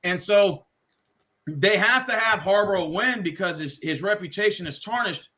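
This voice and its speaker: A man hosting a casual sports chat, profane and excitable, slipping into mock wrestling voices. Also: high-pitched, normal speed. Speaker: podcast host.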